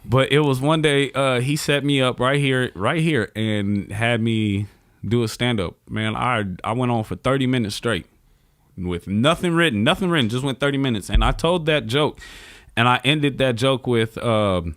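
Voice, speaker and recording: A man who is a comedian and podcast co-host, telling a story in a rambling, profane, animated way. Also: medium pitch, moderate pace, dry recording, studio quality. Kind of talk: casual storytelling.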